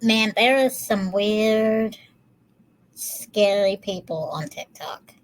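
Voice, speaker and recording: Female podcast co-host, average pitch, easygoing and self-mocking. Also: takes it slowly, slight background noise, rough recording. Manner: self-deprecating, laughs easily. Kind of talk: casual chat.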